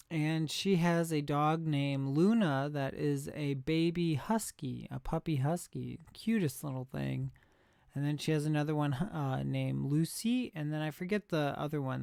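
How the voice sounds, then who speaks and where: A man's voice: on the high side, creaky, a little mellow, clean tone, no room sound, clean studio sound. A young man live streaming, chatting in a rambling, easygoing way with his viewers and laughing at himself. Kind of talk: casual chat reacting to chat.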